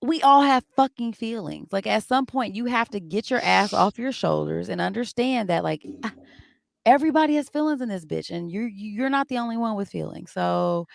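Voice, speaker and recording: Woman co-host, blunt, profane, emphatic, gravelly voice, dry sound. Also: medium pitch, expressive, fairly quick, no echo. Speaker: podcast co-host. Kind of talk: casual chat.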